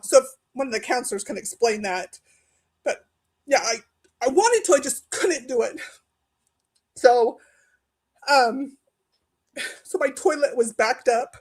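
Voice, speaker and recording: High-pitched tearful woman telling her story. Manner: tearful, voice rising high when quoting her own pleas; earnest, rambling with restarts. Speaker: guest sharing personal story. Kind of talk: emotional personal testimony.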